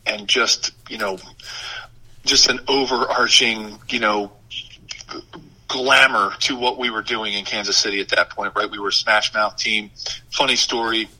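A man in his fifties with a lowish, hard-edged, forceful voice, spinning lively stories from his playing days. He talks casually, with lots of "you know" fillers and restarts, warming to every anecdote. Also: measured pace, low-quality recording. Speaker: former football tight end, guest. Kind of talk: casual interview storytelling.

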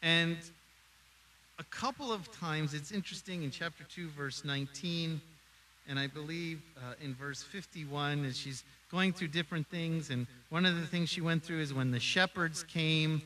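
High, bright-voiced man preaching. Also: normal speed, distant mic, a little hiss or hum, low-quality recording. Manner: animated, acts out quoted voices. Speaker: pastor. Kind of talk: sermon.

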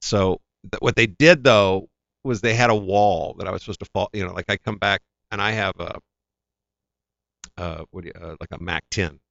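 This actor, a guest in a casual interview, has a low, creaky voice at a moderate pace, recorded muffled with no room sound. He tells animated anecdotes from his career and acts out the voices of the people he quotes.

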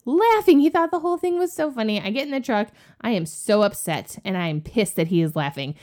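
A woman in her forties, a podcast cohost, telling a story in a casual, animated way and acting out what people said. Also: a little high, a little fast. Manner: animated, acts out quoted voices with gasps.

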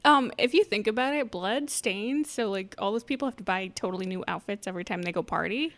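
A woman's voice: mid-range voice, fairly quick. A woman recapping a film in casual chat, laughing often and adding dry asides. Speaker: podcast co-host.

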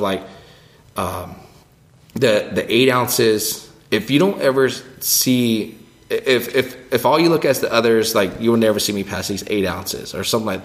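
A man co-hosting a church ministry podcast, telling a story in a rambling, animated, casual way. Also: medium pitch. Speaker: children's ministry co-host.

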